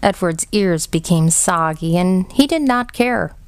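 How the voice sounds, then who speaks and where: A woman reads a storybook aloud very slowly, in a gentle and measured way. Her voice sits low for a woman, and the close recording is dry, with no room sound. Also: lively intonation, smooth, no echo. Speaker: audiobook reader. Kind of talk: storybook narration.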